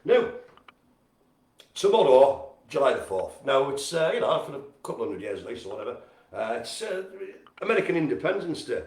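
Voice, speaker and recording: A man hosting a community centre's live stream, giving casual, jokey shout-outs and poking fun at himself. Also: medium pitch, sing-song, normal speed. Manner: chatty, jokey and self-mocking. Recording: roomy echo.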